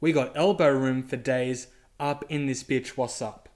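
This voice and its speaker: A man's voice: mid-range voice, close to an everyday voice. A man voicing a crude, swaggering online reviewer, reading word after word in his plain speaking voice. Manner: flat slow reading in a plain voice.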